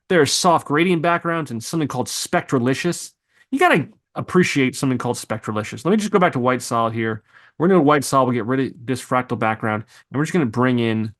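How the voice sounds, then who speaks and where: A man teaching video editing software, thinking aloud as he clicks through presets, with loose asides and exclamations. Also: medium pitch. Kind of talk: screen-recorded software tutorial.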